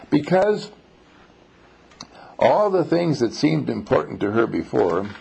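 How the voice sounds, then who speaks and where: A man's voice: mid-range voice, gravelly, a little mellow, slightly rough, poor audio. A man teaching a small class on spiritual matters, telling stories and posing rhetorical questions.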